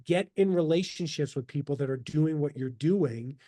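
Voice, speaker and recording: A man speaking as a podcast guest in casual interview talk, animated and motivational, over a video call. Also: fairly high pitch, moderate pace. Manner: animated, motivational, quotes himself in asides.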